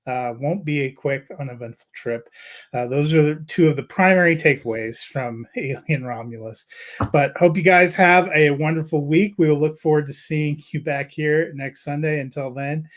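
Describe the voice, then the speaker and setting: Relaxed male movie podcast host. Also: a little high, normal speed. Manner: relaxed, rambling with many "uh" fillers. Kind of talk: casual movie review chat.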